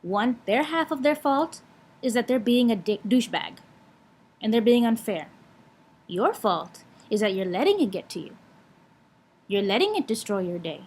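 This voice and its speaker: A woman's voice: fairly high pitch, very animated, normal speed, long pauses, a little mellow. A young woman vlogging in a blunt, frank way, swearing freely while she lectures and gives advice. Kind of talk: casual vlog talk.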